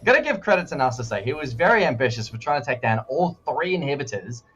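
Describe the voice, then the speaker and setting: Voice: medium pitch, fast, breathy edge. An Australian esports co-caster giving chatty color commentary, full of fillers, with the hiccups. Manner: chatty, many "like" fillers, animated.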